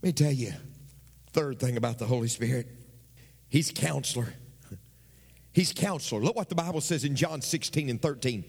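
A male pastor preaching a sermon, his voice climbing high toward near shouts. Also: normal speed, vocal fry, long pauses, breathy edge. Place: church. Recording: long reverb of a church hall.

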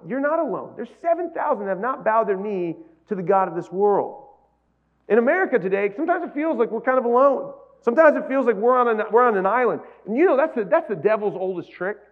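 Heard with phone-quality sound, a male pastor's high voice carries a sermon delivered conversationally to the congregation. He builds to emphatic peaks as he preaches.

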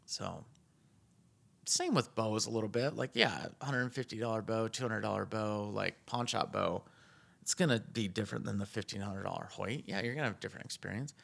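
Gravelly, husky man ranting casually. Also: expressive, fairly quick, fairly bright tone. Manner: rambling, ranting, jumps high in pitch when exasperated. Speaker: podcast host. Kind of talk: casual podcast monologue.

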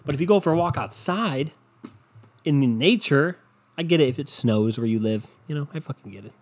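Husky ranting man, profane and sarcastic. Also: a little high, lively intonation, fairly quick. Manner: ranting, profane, sarcastic, swings loud and soft. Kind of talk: casual rant monologue. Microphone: desk microphone.

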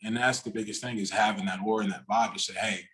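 A man guesting on a casual podcast, with a fairly low voice. He rambles, circles back and restarts his thoughts. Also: steady tone, fast, fairly bright tone. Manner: rambling, many fillers and restarts.

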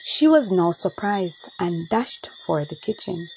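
A woman reads a children's story slowly and expressively, letting her fairly high voice rise and fall widely. There is a gravelly fry at the ends of her phrases. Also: animated, slight background noise, rough recording. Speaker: narrator. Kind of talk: children's audiobook narration.

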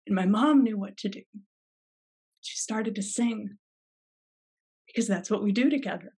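A thoughtful woman in her thirties speaking as a podcast guest, with a slightly husky, breathy voice. She talks with heartfelt warmth and often pauses to search for words. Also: medium pitch. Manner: reflective, heartfelt, halting with fillers. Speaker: podcast guest, life coach. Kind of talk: casual interview chat.

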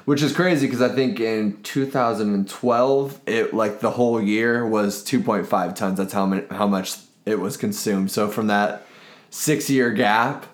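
A man's voice: lowish voice, unhurried, reverberant. A man co-hosting a podcast in casual chat, telling stories in a loose, rambling way with lots of fillers and swearing. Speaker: podcast co-host.

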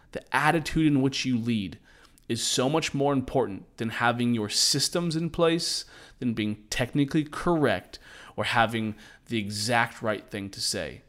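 A man in his thirties hosting a short motivational podcast, talking in an earnest, conversational way with self-deprecating asides. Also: mid-range voice. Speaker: podcast host.

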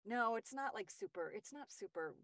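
A bubbly woman co-hosts a podcast, giggling and stumbling cheerfully over her words. Her pitch swings in a very lively way, and the sound is dry and close. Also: moderate pace, no room sound. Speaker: podcast co-host. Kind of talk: casual chat.

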